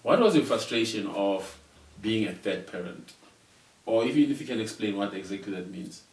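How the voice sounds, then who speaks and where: Easygoing South African man, low voice. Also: lively intonation, moderate pace, recorded from a distance. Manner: easygoing, repeats words and chuckles often. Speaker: podcast host and father. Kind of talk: casual conversation. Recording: roomy sound, mic set back.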